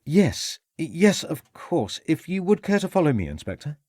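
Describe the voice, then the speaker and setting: A man's voice: very animated, moderate pace, darkish tone, dry recording, studio quality. A man voicing a fussy, anxious male butler who talks in a proper, superior way. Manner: superior, flustered, high and fluttery.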